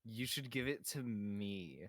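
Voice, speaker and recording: Lively, low-voiced teasing man. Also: slow. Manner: teasing, playful, ribbing his co-host. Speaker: guest co-streamer. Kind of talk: casual banter while streaming a game.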